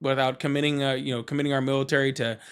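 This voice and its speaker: A man hosting a live political call-in show, pressing a caller hard with quick arguments while trying not to sound harsh. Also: medium pitch, level tone, clean tone. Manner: pressing, argumentative, apologetic about roasting.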